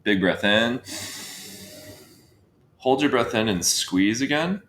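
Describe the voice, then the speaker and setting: A man leading a guided breathwork session, giving calm coaching cues and counting breaths. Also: medium pitch, slow. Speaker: breathwork instructor. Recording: roomy echo.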